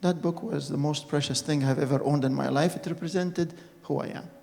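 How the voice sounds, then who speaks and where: Gravelly man preaching in echoing hall. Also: a little high, steady tone, darkish tone. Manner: earnest, halting storytelling with dramatic re-enactment. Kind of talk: personal testimony sermon. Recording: reverberant hall with faint music.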